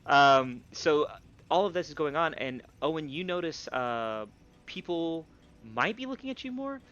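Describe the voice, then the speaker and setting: A man's voice: fairly high pitch, animated, normal speed, fairly bright tone, dull audio. A man narrating as game master of a tabletop game, rambling with fillers and restarts.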